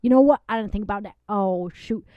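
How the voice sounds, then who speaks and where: A woman's voice: medium pitch, quick pace, dry recording, natural voice. A woman playing a folksy, lovestruck woman who rambles, gushes and gets tearful in a comedy bit. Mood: flustered. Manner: rambling, gushing, tearful, dialect-heavy. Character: folksy lovestruck Southern woman, giddy and emotional. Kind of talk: improvised comedy character bit. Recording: dull lo-fi recording.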